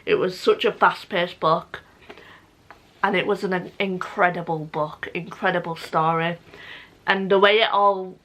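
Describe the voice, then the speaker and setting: A woman's voice: lowish voice, steady tone, measured pace, fairly bright tone, low-quality recording. A young woman chatting casually in a reading vlog, gushing and emotional, with many "like"s. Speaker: book vlogger.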